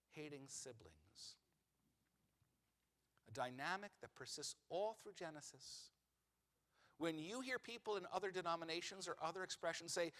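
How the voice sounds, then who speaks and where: A man's voice: fairly high pitch, fairly bright tone. A man giving a sermon as rabbi, telling the story in a humorous, conversational way and asking the congregation questions. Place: synagogue sanctuary. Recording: long reverb of a large sanctuary.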